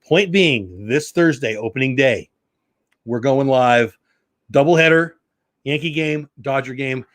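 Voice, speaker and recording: A man's voice: mid-range voice, measured pace, no room sound. A middle-aged man hosting a casual live stream, chatting and greeting viewers by name. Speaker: YouTube live stream host.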